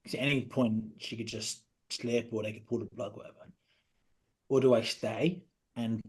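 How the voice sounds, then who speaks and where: Man in his 30s as podcast guest, earnest personal story, halting delivery, often drops quiet, mid-pitched voice. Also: fairly even intonation, breathy edge. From Britain.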